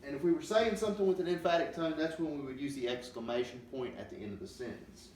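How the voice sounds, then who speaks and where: Man teaching slowly, distant and roomy. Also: a little high, a little mellow. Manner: slow, patient explaining with many ums. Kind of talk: classroom grammar lesson. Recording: roomy, distant mic with faint noise.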